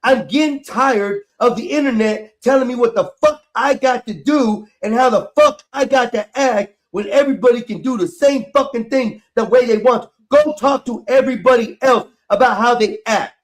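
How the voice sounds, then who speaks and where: A man with a strikingly high voice argues on his own stream. He is defiant and angry, and he curses freely as he defends himself. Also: moderate pace, hardly any pauses. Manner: angry, defiant, swearing a lot. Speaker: stream host. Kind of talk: heated argument on a live stream.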